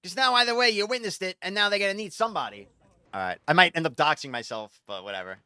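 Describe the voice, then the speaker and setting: A man, a streamer, telling a story in casual, profane, animated talk. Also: high-pitched, quick pace, smooth, dry recording.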